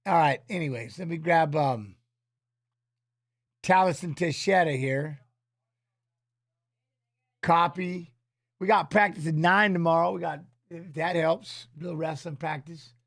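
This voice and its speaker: A man's voice: fairly high pitch, measured pace, creaky, long pauses, a bit bright, no echo, studio quality. A middle-aged man hosting a casual livestream from his home office, chatting loosely while watching fights. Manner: rambling, loose, drops filler tags. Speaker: streaming host and former fighter.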